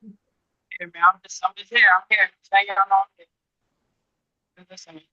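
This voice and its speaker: A man tells a story to a group in loose, rambling fashion, backing up and restarting and stopping to ask his listeners questions. His voice is very bright and sharp. The sound is dry and a bit dull and lo-fi. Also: high-pitched, level tone, moderate pace, no echo. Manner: rambling, frequent restarts, addresses listeners directly. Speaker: Muay Thai gym trainer.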